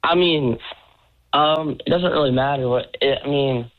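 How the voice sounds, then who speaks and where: A teenage boy calls in to a radio show, speaking slowly with hesitant, brief answers. His voice comes over a dull, muffled phone line. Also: medium pitch. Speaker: caller, host's son.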